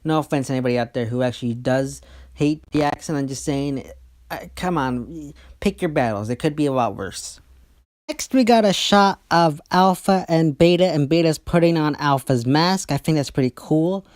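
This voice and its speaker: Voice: medium pitch, normal speed, darkish tone. A YouTube host giving a casual, opinionated breakdown of a TV trailer, often stopping and restarting sentences.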